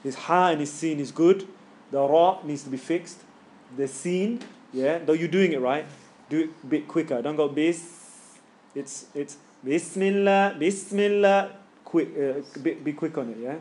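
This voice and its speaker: His voice is fairly high-pitched and a little mellow, delivered at normal speed. He's a middle-aged Quran recitation teacher giving casual coaching in a live tajweed class, demonstrating each sound himself.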